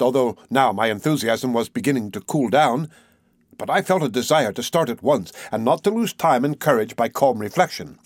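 A man reading a classic novel aloud in a measured, expressive way. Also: medium pitch, no echo, studio quality. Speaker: audiobook narrator. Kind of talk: scripted narration of a classic novel.

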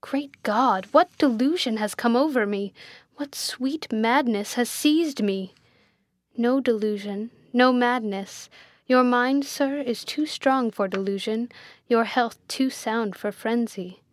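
A woman voicing a blind, commanding and desperate gentleman in an audiobook, speaking with impassioned, imperious urgency. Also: a little high, slow, dry recording, studio quality. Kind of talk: audiobook character reading.

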